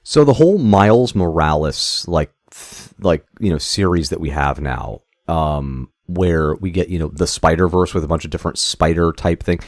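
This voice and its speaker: A man's voice: low-pitched, normal speed, hardly any pauses, no echo, clean studio sound. A man co-hosting a movie podcast, chatting casually in a rambling, profane way with many restarts. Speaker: podcast co-host. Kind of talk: casual chat.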